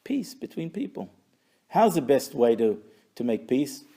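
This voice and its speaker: Gravelly-voiced man teaching a Torah lesson. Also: medium pitch, big pitch swings, a little slow, dark tone. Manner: translates Hebrew phrases, explains, wry asides.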